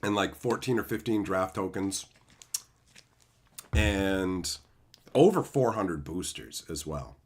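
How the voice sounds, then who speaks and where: A man's voice: low-pitched, big pitch swings, slow pace, pauses often, sharp tone, husky. A man from Canada, a YouTuber ranting profanely on a livestream. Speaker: YouTuber and streamer.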